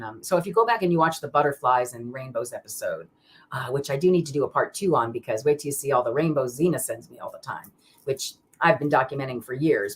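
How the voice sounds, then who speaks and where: A woman hosting a live card-reading stream, talking in a rambling, chatty way with many fillers and restarts, greeting viewers by name. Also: a bass voice. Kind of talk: casual live-stream chat.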